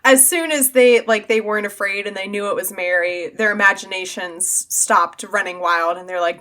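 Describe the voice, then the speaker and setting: A young woman with a bright, forceful voice hosts a casual book podcast. She rambles and circles back on herself, packing her sentences with fillers as she thinks aloud. Her pitch sits in a middle range for a woman. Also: moderate pace, few pauses. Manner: rambling, animated, many fillers. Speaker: podcast host. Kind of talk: casual book-discussion chat.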